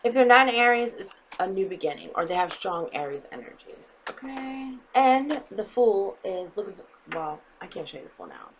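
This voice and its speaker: A woman's voice: medium pitch, lively intonation, normal speed, few pauses, dull audio, background noise. Blunt, swearing woman tarot reader. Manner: blunt and emphatic, swears freely, checks in with "okay?". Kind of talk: casual tarot reading to viewers.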